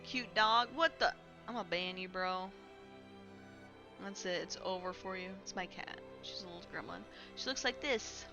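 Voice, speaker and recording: A woman's voice: lowish voice, normal speed. A woman streaming live in a casual, chatty way at home, laughing often and talking to her cat. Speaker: Twitch streamer. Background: faint music from a playlist.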